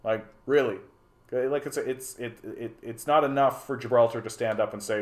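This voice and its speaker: A man's voice: medium pitch, steady tone, moderate pace. A man hosting a casual political stream, talking bluntly with lots of restarts and profanity. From Canada. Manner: rambling, blunt, profane, many restarts and fillers. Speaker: livestream host. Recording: roomy echoey room.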